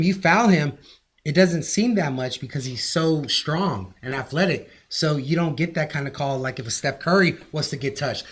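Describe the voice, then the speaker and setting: A man's voice: mid-range voice, a bit bright. A man in a casual podcast debate, arguing animatedly and leaning on "like" as filler.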